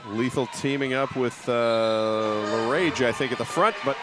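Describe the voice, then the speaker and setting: A man calls live play-by-play at a mid pitch, easygoing and conversational. He drops jokey asides between the calls and keeps the patter moving. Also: over music. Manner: joking, conversational, quick asides. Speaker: play-by-play commentator. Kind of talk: live sports commentary.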